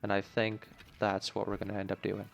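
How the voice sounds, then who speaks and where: A man's voice: fairly low pitch, monotone, a little fast, vocal fry, soft background music. A man commenting on a video game as he plays, chatty and jokey, thinking aloud about his moves. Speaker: gaming channel host. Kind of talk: let's play commentary.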